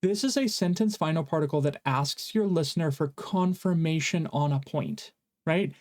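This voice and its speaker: A man's voice: on the high side, normal speed, a little mellow. A man teaching a casual online language lesson, explaining in a playful, jokey way. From English-speaking foreigner who lived in Japan.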